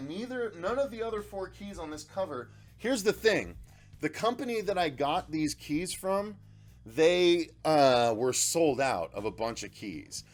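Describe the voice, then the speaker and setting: Excitable man gushing over an unboxing. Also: medium pitch. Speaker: channel host. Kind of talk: casual unboxing vlog.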